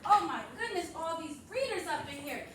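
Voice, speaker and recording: A woman's voice: very high voice, lively intonation, normal speed, fairly bright tone. A woman reading teacher modeling a phonics lesson for other teachers, with upbeat, sing-song call-and-response cues. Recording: echoey room, distant mic, noise.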